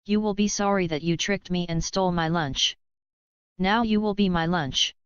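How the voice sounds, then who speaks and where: A woman's voice: lowish voice, normal speed, smooth, dry recording, natural voice. A woman voicing a greedy, angry witch who speaks in a threatening, impatient way, in a dull lo-fi recording.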